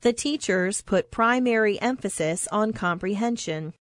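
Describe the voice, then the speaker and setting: Woman reading example sentences slowly. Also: mid-range voice, no room sound, clean studio sound.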